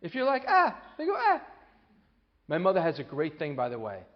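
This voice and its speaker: A man giving a parenting talk to an audience, telling lively stories and acting out the voices of the people in them, with many restarts. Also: a little high, racing. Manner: animated storyteller, acts out quoted voices, many restarts. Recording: long hall reverb, dull lo-fi sound.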